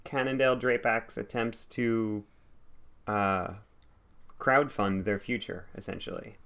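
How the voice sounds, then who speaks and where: Male co-host, low voice, easygoing and supportive, lots of fillers. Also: steady tone, unhurried, vocal fry, fairly bright tone. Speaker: podcast co-host. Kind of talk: casual chat.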